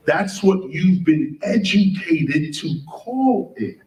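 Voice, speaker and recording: A man's voice: sits high, expressive, takes it slowly, background noise. A man lecturing an audience, firing questions and spelling out words letter by letter, heard from a distance in a large room. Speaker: speaker. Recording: roomy, from a distance.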